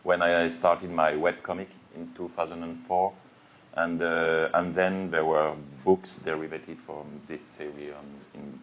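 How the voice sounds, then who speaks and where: A man with a French accent, a cartoonist on a panel, speaking halting English and searching for words. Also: low-pitched, level tone, a bit bright, lo-fi sound, slight background noise. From France. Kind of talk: panel discussion.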